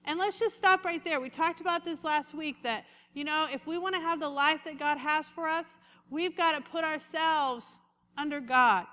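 Bright-voiced woman preaching in an echoey hall. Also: sits high, normal speed. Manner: lively, conversational preaching with congregation call-outs. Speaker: pastor. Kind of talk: sermon.

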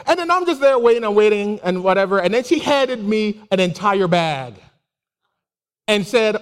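A man giving a casual, animated sermon with personal stories, laughing and exclaiming often. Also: high-pitched, normal speed, clean tone. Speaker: preacher. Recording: long hall reverb.

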